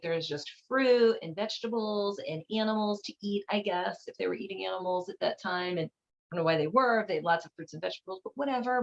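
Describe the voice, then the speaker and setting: Woman host rambling casually, lots of likes and ums, kinda muffled recording. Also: mid-range voice. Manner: irreverent, chatty, filler-heavy. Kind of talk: casual commentary. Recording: slightly dull lo-fi audio.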